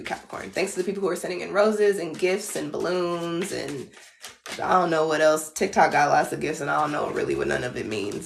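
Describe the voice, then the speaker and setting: Chatty woman tarot reader live from home, slangy and blunt, gravelly lower voice, echoey room. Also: normal speed. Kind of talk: casual livestream talk.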